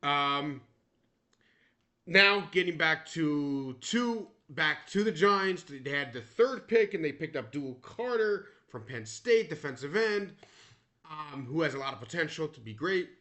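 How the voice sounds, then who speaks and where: A man's voice: a little high, animated, measured pace, pushed and bright. A man giving casual, opinionated sports commentary, rambling with frequent restarts and asides. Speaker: sports vlogger.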